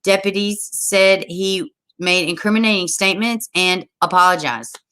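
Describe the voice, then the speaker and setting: A woman hosting a livestream from home, reading news stories aloud and reacting in an exasperated, animated way while talking straight to her viewers. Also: medium pitch, moderate pace, clear, resonant tone. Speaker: livestream host. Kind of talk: casual news commentary to a live chat.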